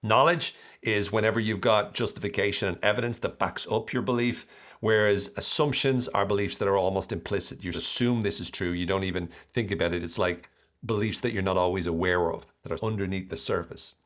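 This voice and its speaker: A man hosting his own podcast, explaining ideas in an enthusiastic, animated solo monologue. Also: on the low side, fairly quick. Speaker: podcast host.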